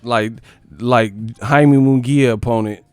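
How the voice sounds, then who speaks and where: A man from the Bay Area hosting a sports live stream, ranting in a profane, animated, comedic way and laughing often. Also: mid-range voice, slow, clean tone, no echo, clean studio sound, faint music behind. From San Francisco Bay Area.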